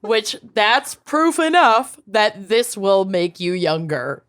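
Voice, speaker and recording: Animated woman reading an old article aloud. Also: mid-range voice, slow. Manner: animated, amused storytelling with sarcastic asides. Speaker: podcast co-host.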